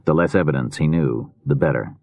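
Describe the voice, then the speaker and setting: A man reading a mystery novel aloud in a measured, steady narration. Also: a bass voice, gravelly, no room sound. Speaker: audiobook narrator. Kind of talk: scripted narration.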